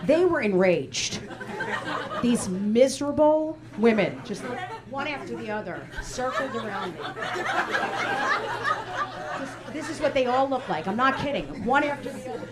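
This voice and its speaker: A woman comedian with a high, lively voice tells stories in a wry, exasperated way. The sound comes from a live club show, with loud laughter and crowd noise behind her. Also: unhurried. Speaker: stand-up comedian. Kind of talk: stand-up routine.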